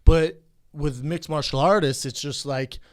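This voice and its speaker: A man's voice: on the high side, measured pace, a little mellow. A man in his thirties co-hosting a podcast, telling stories in a loose, profane way. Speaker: podcast co-host, fighter. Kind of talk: casual podcast chat.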